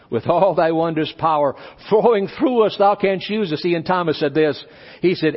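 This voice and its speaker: A male pastor preaching a sermon, animated, acting out little dialogues as he goes. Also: a little high, moderate pace. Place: church conference hall. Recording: dull live recording in a reverberant hall.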